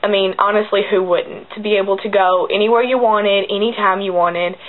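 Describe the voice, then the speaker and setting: A woman's voice: mid-range voice, fairly even intonation, brisk. Chatty young woman, tinny webcam audio. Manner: chatty, rambling, many fillers. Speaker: fan channel vlogger. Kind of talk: casual chat to camera.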